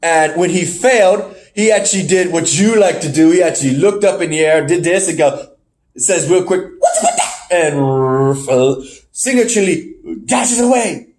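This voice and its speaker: A man's voice: fairly high pitch, moderate pace, a little mellow, a little hiss or hum. A man co-hosting a podcast, rambling through a casual play-by-play recap with fillers and laughs. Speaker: podcast co-host. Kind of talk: casual wrestling recap chat.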